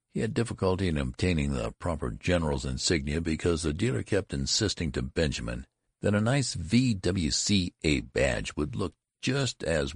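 Deep gravelly guy reading an audiobook, husky, lots of ups and downs. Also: no room sound, studio quality. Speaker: narrator. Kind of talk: audiobook narration.

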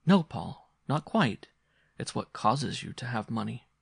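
A man reading a story aloud, voicing a weary mother who speaks in a measured, bitter way. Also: medium pitch, very animated, gravelly, husky, no room sound, clean studio sound, full character voice.

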